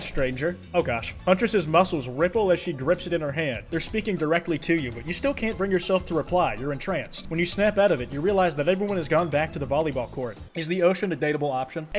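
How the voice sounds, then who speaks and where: Young male gaming commentator, fast and sarcastic, slightly high voice, faint game music underneath. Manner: sarcastic, jokey, fast banter with sudden loud outbursts. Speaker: gaming YouTuber. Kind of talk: comedic game commentary, reading dialogue aloud.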